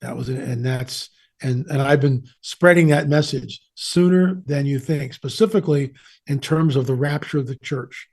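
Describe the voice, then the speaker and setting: A man's voice: mid-range voice, normal speed, creaky, darkish tone, husky. An older man, a guest on an interview show, telling stories in a conversational way, rambling a little as he goes. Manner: conversational, with rambling asides and restarts. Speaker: guest, author on the supernatural. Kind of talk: casual storytelling interview.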